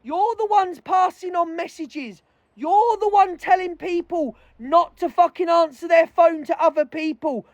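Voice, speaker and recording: A woman's voice: very high voice, measured pace, dry recording. A woman streaming live, furiously ranting with heavy swearing and calling out other creators. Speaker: livestreamer. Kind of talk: angry livestream rant.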